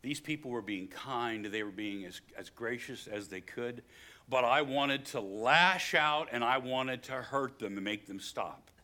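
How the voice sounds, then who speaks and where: An older man from West Virginia with a West Virginian accent, preaching a sermon that swings from hushed storytelling to loud, emphatic preaching. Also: medium pitch, expressive, a little slow. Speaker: pastor.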